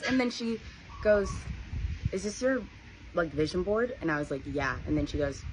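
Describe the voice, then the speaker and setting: A young woman with a low, deep-set voice tells a personal story in a casual vlog. She is animated and slips into the voices of the people she quotes. Steady background noise sits under her voice. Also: normal speed. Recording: noisy background ambience.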